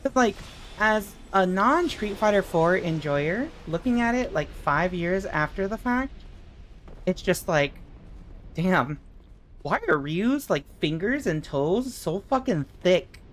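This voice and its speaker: Expressive woman streamer, lively pitch. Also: slow, a little hiss or hum. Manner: expressive, swearing, animated outbursts. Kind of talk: casual livestream chat.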